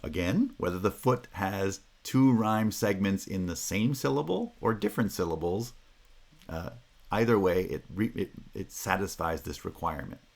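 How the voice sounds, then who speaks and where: A man's voice: sits low, expressive, normal speed, creaky. A man giving a university linguistics lecture, explaining carefully and stopping often to check with "Okay?".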